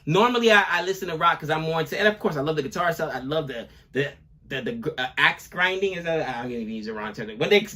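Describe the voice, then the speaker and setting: A man in his forties with a high voice talks in a loose, rambling way, circling back and looking for agreement as he goes. His tone is bright and forceful. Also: expressive, quick pace. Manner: rambling and effusive, often asking "you know what I mean". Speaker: reaction video co-host. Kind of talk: casual chat.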